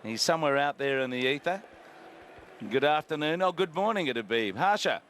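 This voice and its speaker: A man's voice: fairly high pitch, expressive, moderate pace, fairly bright tone, a little hiss or hum. A man hosting a live radio show, briefly introducing a guest on the line.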